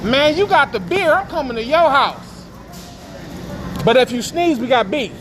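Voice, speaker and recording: A man's voice: very high-pitched, sing-song, moderate pace. A man vlogging casually in a supermarket, teasing and joking with strangers as he shops. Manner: teasing, playful, talks to passers-by. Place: indoor supermarket. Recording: noisy store background.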